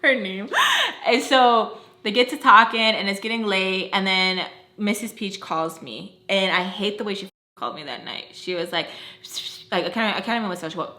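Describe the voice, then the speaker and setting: A woman's voice: mid-range voice, normal speed, bright, forceful tone. A young woman telling a personal story in a casual, chatty way, full of "like" and acted-out quotes. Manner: chatty, lots of "like", acts out quoted lines. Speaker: storytime vlogger. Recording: roomy echo.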